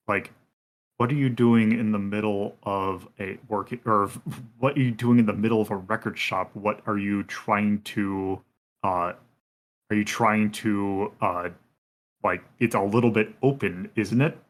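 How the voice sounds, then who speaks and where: A man's voice: lowish voice, steady tone, unhurried, fairly bright tone. A man voicing a guarded record-shop clerk in a tabletop game, speaking hesitantly and evasively, full of hedges. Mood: suspicious.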